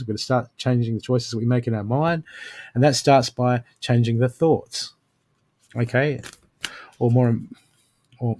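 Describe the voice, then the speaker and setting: A man's voice: mid-range voice, a little mellow. A man doing a live oracle card reading, coaching the listener directly and punctuating his advice with frequent "okay"s. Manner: coaching, repeats "okay" often; addresses the listener directly with pep-talk advice. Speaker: intuitive card reader.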